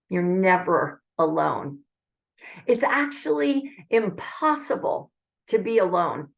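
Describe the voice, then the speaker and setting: A woman's voice: medium pitch, creaky. A woman giving an earnest, heartfelt devotional message with prayer, speaking conversationally to her viewers. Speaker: Christian speaker.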